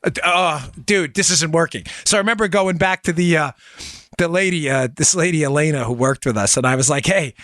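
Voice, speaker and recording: A man hosting a political podcast, talking in a sarcastic, animated way full of mocking asides. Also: fairly high pitch, brisk, no room sound. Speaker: podcast host. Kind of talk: opinionated political commentary.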